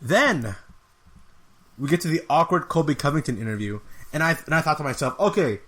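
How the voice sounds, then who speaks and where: A man's voice: on the high side, animated, a little fast, pushed and bright. A man hosting a podcast, giving a casual, rambling fight review with an exasperated tone and lots of filler words. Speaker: podcast host.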